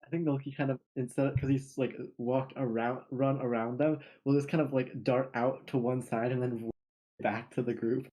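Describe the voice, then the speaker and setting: A woman's voice: extremely low pitch, steady tone, moderate pace, warm tone, rough recording. A woman in casual, playful chat as a player in a tabletop game.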